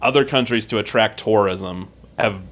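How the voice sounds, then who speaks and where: A man co-hosting a comedy podcast in casual chat, delivering dry, deadpan jokes. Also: fairly low pitch, normal speed. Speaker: podcast co-host.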